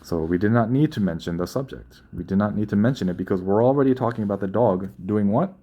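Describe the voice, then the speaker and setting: A man's voice: lowish voice, quick pace, lo-fi sound. A young man teaching a grammar lesson, explaining patiently and often repeating or correcting himself. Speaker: Korean language teacher.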